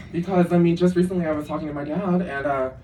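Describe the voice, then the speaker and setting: A man's voice: fairly high pitch, steady tone, fast, mellow. A man doing a stand-up comedy set in a club, campy and self-deprecating, chatting with lots of asides. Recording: echoey club room, distant mic, audience noise. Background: audience laughter.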